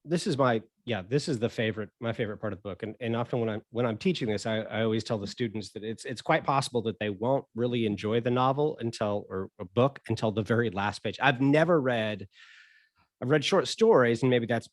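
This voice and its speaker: A man's voice: medium pitch, fairly quick, no echo. Earnest man teacher, dry close sound. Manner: earnest, searching, restarts phrases. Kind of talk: casual literary discussion.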